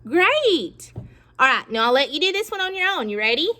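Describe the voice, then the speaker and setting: A woman teacher giving a phonics lesson to young children, slow and encouraging, pausing for them to repeat words. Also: high voice, expressive, sharp tone. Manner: slow, encouraging, with pauses for pupils to echo.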